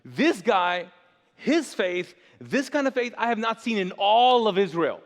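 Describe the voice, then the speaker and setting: A man's voice: high voice, very animated, a little slow, full character voice. A man voicing Jesus as a casual, offhand talker in a modern way. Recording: long church reverb.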